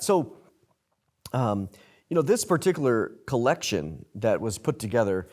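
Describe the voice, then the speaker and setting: A man's voice: mid-range voice, very animated, unhurried, darkish tone. A man hosting a talk show, explaining in an earnest, conversational way. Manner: earnest, explanatory, with frequent restarts. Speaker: host.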